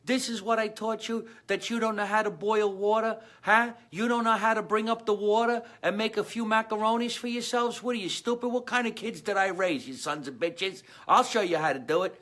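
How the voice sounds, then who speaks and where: A scolding, exasperated older mother fires off indignant rhetorical questions in a voice pushed well above a man's usual pitch, as a comedian puts her on. Her tone stays berating and worked up throughout. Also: fairly even intonation, brisk, hardly any pauses, fairly bright tone.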